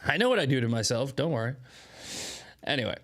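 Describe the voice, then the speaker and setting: Male stream host, casual, rambling and animated, short on sleep, mid-range voice. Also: mid-range voice, fast. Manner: rambling, animated, self-mocking, lots of restarts. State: short on sleep, drinking coffee. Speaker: host of daily news commentary show. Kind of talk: casual livestream chat.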